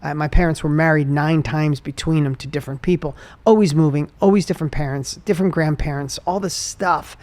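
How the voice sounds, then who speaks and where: Man, motivational podcast host, storytelling, fairly high voice, dry close sound. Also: brisk, few pauses, no echo. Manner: energetic, storytelling, voice drops when emotional.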